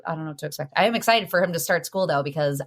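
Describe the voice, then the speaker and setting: A woman's voice: low voice, very fast. A young woman hosting a podcast, chatting casually and acting out quotes as she tells stories. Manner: animated storytelling, acts out quotes. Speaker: podcast host. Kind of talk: casual chat.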